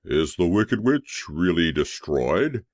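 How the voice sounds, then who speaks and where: Booming invisible wizard, super low, solemn and bossy, dry sound. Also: male voice, big pitch swings, takes it slowly, no room sound, heavily acted. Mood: uneasy. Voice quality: solemn, commanding. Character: invisible Oz, booming grand terrible male voice.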